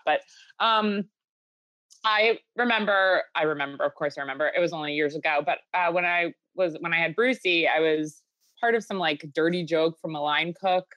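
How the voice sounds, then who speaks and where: Low-voiced deadpan woman podcaster. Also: no echo. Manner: deadpan, sarcastic jokes. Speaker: podcast co-host. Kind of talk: casual comedic chat.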